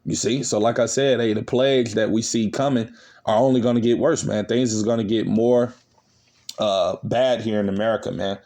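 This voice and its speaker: A man with a somewhat low voice delivers an accusatory online sermon. He lectures his audience, breaks in with scripture readings, and keeps tagging his lines with "man" and "you see.". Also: fairly even intonation, moderate pace, warm tone. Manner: repeats "man" and "you see" at phrase ends; lecturing, accusatory tone toward listeners. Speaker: online preacher.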